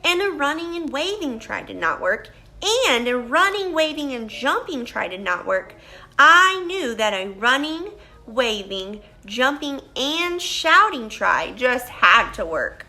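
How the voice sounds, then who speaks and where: A woman's voice: high-pitched, big pitch swings, unhurried, pushed and bright, exaggerated voice. A woman reading a patient storybook frog. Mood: encouraging. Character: patient, encouraging male frog, a steady friend.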